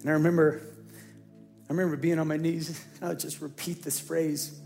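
A middle-aged man delivers a sermon as senior pastor, his voice sitting somewhat high for a man. He speaks earnestly and tends to repeat phrases as he tells a personal story. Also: level tone, moderate pace, creaky, darkish tone, soft background music.

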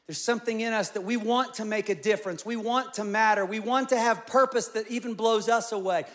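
Man, middle-aged pastor, sermon, storytelling, fairly high voice. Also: fairly quick. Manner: storytelling, animated with acted-out quotes. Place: large church auditorium.

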